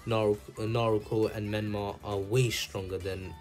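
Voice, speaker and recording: A man's voice: on the low side, little pitch movement, moderate pace, darkish tone, natural voice. Man reading sarcastic older male sage, mocking tone, faint music. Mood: boastful.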